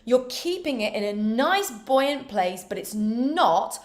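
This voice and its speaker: Woman, choir vocal coach, high voice, slow, playful asides. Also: expressive. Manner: playful, self-mocking asides. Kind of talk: online vocal warm-up instruction.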